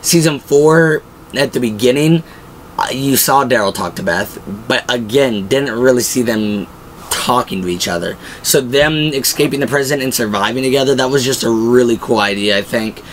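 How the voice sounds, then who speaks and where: A man's voice: medium pitch, moderate pace, slight background noise, poor audio. Young man in rambling fan chat. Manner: rambling, filler-heavy and enthusiastic. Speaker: pop-culture show host. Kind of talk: casual fan commentary.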